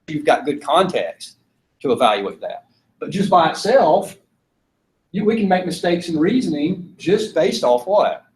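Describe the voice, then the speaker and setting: In this classroom lecture, a male philosophy teacher talks casually and keeps asking the students questions. He has a high, slightly mellow voice with a bit of roughness.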